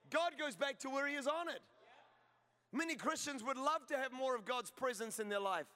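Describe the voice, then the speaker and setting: A middle-aged male pastor preaches in a very high, bright voice. He tells stories with humor and builds to emphatic declarations. His voice carries a long reverb from a large hall. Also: normal speed, a faint crowd, slight background noise. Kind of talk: sermon.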